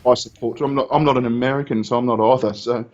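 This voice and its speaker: A man on as a guest, chatting casually and stumbling over his words. He talks very fast, and his call sounds dull and muffled. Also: medium pitch, fairly even intonation, darkish tone. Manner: hesitant, stammering. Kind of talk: casual chat.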